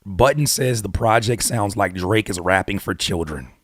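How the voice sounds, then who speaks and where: A man hosting his own channel, giving blunt, animated hip-hop commentary full of rhetorical questions and casual swearing. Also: on the low side, normal speed, no echo, clean studio sound. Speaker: YouTube host and rapper. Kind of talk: opinionated music commentary.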